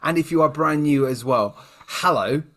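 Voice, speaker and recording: A man's voice: fairly high pitch, moderate pace, a bit bright. Chatty British man talking to listeners. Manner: chatty, addresses the listener directly. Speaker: podcast co-host. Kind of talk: casual chat.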